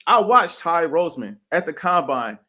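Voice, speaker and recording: Speaking at a moderate pace in a slightly high voice, a man co-hosts a sports podcast in a loose, casual style. He leans on slang, keeps dropping "bro," and stays animated, opinionated and emphatic.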